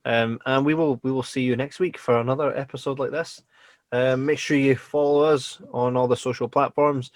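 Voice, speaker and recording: Speaking in a steady, medium-pitched voice at normal speed, a man with a Scottish accent co-hosts a casual podcast conversation. He's animated, laughing often and swearing casually. The recording is dry and studio quality.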